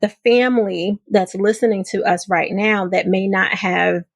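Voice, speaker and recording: An enthusiastic woman hosting a podcast, talking in a casual, animated way with frequent laughter. Her voice is mid-pitched and the sound is dry and close. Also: normal speed, vocal fry, dry recording. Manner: effusive, animated, laughing often. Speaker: podcast host. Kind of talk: casual interview chat.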